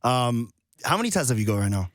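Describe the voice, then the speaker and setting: Brief: male radio host, hype energy, lots of pitch movement, close dry mic. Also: very animated, fast talker, no echo. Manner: upbeat, playful hype. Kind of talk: casual radio interview. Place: radio studio.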